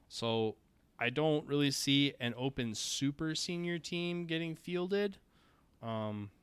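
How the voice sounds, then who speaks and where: A man's voice: mid-range voice, clear, resonant tone, no echo. A man with a Minnesotan accent, co-hosting a casual podcast, rambling with plenty of ums and restarts. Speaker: podcast co-host. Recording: quiet, dry close-mic audio.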